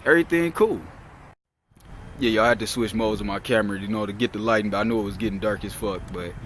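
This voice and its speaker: A man's voice: fairly low pitch, level tone, very fast, a bit bright, slight background noise. A young man vlogging outdoors, retelling a work story in a heated, profane, rambling way. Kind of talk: casual storytelling.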